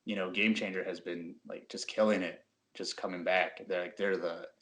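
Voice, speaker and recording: A man with a fairly low voice speaks as a guest on a video call. His answers come out relaxed and rambling, with lots of filler words as he goes. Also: normal speed. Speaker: guest, professional wrestler. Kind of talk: casual interview answers.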